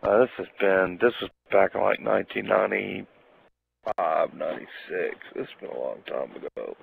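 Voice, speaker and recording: A man's voice: low-pitched, moderate pace, creaky, slightly rough. A man telling a casual anecdote in a profane way, laughing as he goes. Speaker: storyteller. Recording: tinny phone-like audio.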